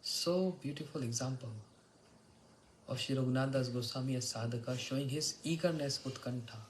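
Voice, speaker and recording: A man's voice: medium pitch, moderate pace, a little hiss or hum, low-quality recording. A man giving a devotional morning lecture, telling stories and chanting verses. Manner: storytelling, chants Sanskrit and Bengali verses. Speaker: spiritual teacher.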